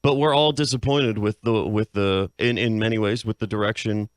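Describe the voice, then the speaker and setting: A man on a comedic advice panel, giving measured, slightly hesitant answers with dry wit. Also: lowish voice, steady tone, no echo.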